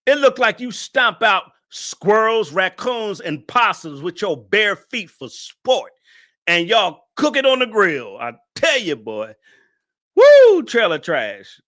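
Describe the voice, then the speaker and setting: A man's voice: high voice, very animated, slow, pushed and bright. A man hosting a live stream, laughing as he roasts a viewer in loose, slangy casual talk. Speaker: live-stream show host.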